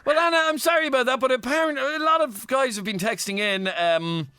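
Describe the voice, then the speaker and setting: A man hosting a radio phone-in, questioning a caller in a teasing, animated way. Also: very high-pitched, fast, smooth, no echo.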